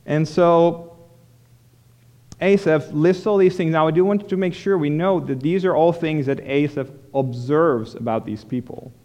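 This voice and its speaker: A man's voice: medium pitch, darkish tone, highs cut off. A man preaching a sermon, explaining a scripture passage verse by verse in a plain, conversational way with frequent restarts. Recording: long hall reverb.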